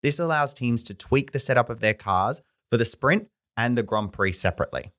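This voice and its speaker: A man co-hosting a motorsport podcast, reading an explainer in a measured, informative way. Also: medium pitch, expressive, fairly bright tone. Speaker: podcast co-host. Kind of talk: scripted explainer read.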